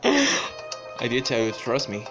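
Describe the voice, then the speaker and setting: A man reading a calm confident young ally. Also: mid-range voice, measured pace, soft background music, full character voice. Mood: assured.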